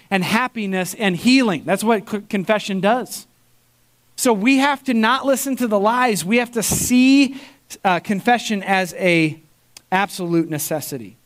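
A man preaching a sermon as pastor, telling stories with lively emphasis, repeating words and restarting phrases as he goes. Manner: animated storytelling, voice jumps high for emphasis.

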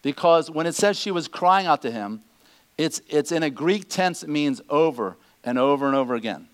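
A man preaching a sermon, animated, acting out the people he quotes. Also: fairly high pitch, moderate pace, clear, resonant tone. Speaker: pastor.

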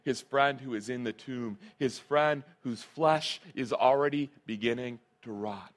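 A man's voice: medium pitch, measured pace. A male pastor preaching a sermon, earnest and emphatic, repeating his key phrases.

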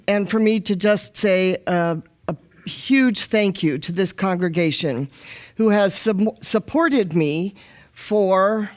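A middle-aged woman, a missionary guest preacher, praying and then preaching with humorous stories and call and response. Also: mid-range voice. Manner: warm, humorous storytelling with congregational call and response. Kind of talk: sermon with opening prayer.

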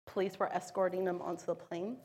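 A woman's voice: fairly low pitch, level tone, a little fast, darkish tone, in a large hall. A woman telling her own story in an earnest, emotional way, acting out the voices of the people she quotes. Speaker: storyteller sharing a personal testimony. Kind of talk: personal storytelling.

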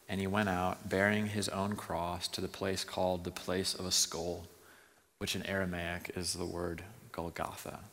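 A man with a fairly low but bright, forceful voice preaches a sermon. He drops to a near whisper and then builds to loud, fervent preaching. His voice rings out with a long reverb, as in a large hall. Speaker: pastor.

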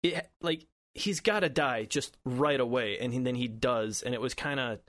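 A man's voice: mid-range voice, moderate pace, a bit bright, no echo, clean studio sound. A man on a casual podcast, arguing his point bluntly, acting out quoted reactions and swearing now and then. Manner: argumentative, talks in quoted asides, swears casually. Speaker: podcast co-host. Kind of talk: casual chat.

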